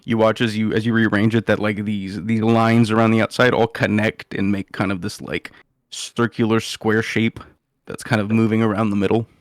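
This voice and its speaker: A man's voice: fairly low pitch, level tone, moderate pace, no echo, clean studio sound. A man narrating as game master, hesitant with many fillers.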